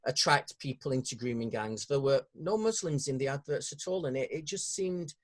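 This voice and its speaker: A man with a northern English accent hosting an interview podcast, talking in a hesitant way with many pauses and restarts. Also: mid-range voice, lively intonation. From northern England. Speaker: podcast host. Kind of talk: conversational interview.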